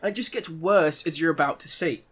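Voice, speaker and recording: Irish YouTuber, fairly high voice, ranting commentary over game clips. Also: male voice, a little fast, noisy background. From Ireland. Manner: indignant, ranting. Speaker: gaming YouTuber. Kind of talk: commentary over gameplay footage.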